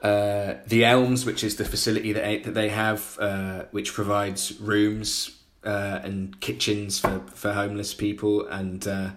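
Animated man telling a story. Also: lowish voice, unhurried, few pauses. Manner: animated storyteller, acting out other people's voices. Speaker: podcast guest. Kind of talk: casual anecdote telling.

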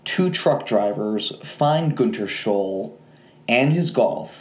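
A man co-hosting a podcast, telling a true crime story in a relaxed, rambling way with lots of fillers and restarts. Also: fairly low pitch, slow pace, roomy sound, lo-fi sound. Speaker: podcast co-host.

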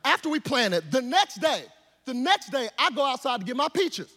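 A man preaching a sermon, telling a childhood story and then shouting and calling the congregation to answer back. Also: extremely high pitch, moderate pace. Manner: animated, shouting and call-and-response with the crowd. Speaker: pastor.

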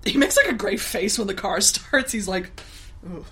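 A woman's voice: mid-range voice, big pitch swings, moderate pace, fairly bright tone, husky. A young woman co-hosting a podcast, recapping a TV episode in a rambling, laughing way full of fillers. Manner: rambling, lots of fillers and laughs, acts out characters. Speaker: podcast co-host. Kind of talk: casual chat recapping a TV episode.

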